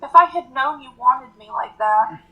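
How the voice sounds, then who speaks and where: A woman voicing an emotional young cat-girl adventurer in a high, wavering, earnest way. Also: animated, normal speed, dull audio. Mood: tearful.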